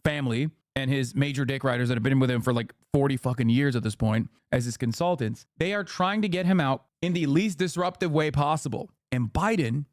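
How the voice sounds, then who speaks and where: A man's voice: mid-range voice, brisk, few pauses, no echo, clean studio sound. A man giving heated, profane political commentary while reacting on a live stream. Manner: heated, profane, emphatic ranting.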